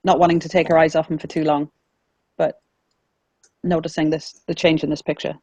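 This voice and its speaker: A woman describes her character's actions in the third person during a tabletop game. Her voice sits a little low, and the recording is dry. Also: flat delivery, brisk, warm tone, dry recording, lo-fi sound. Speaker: player.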